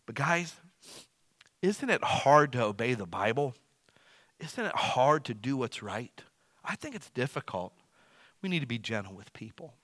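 A male pastor preaching with big swings in volume, punching some lines loudly and dropping others to near a murmur. His voice sits at an ordinary pitch and is recorded dry and close, with no room sound. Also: unhurried, long pauses, no room sound. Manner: animated, swings between loud emphasis and quiet asides; self-described as loud. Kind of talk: sermon.

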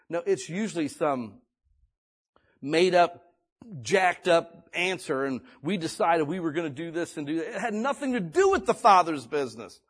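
Husky, lively preaching man. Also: a little high, moderate pace. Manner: folksy, conversational preaching; swings between loud and hushed delivery. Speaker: pastor. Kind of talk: sermon. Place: church or meeting room.

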